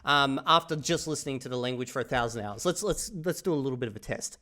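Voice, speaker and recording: A man's voice: mid-range voice, fast, few pauses, pushed and bright. A man with an Australian accent reacting casually to a video, rambling with frequent restarts and swearing freely.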